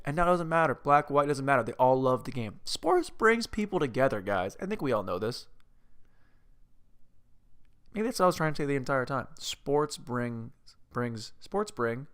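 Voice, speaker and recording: A man's voice: mid-range voice, expressive, normal speed, long pauses, fairly bright tone. A man hosting a comedy podcast, ranting about a movie in a rambling, self-mocking way and tripping over his words. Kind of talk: comedic movie-review rant.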